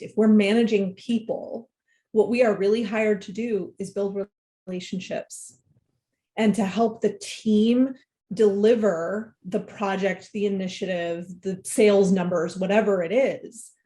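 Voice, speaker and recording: A woman speaks as a guest on an interview show, in a mid-range voice. She explains her ideas clearly and in an orderly way. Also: mid-range voice, mellow. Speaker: guest, leadership expert. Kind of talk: interview answers.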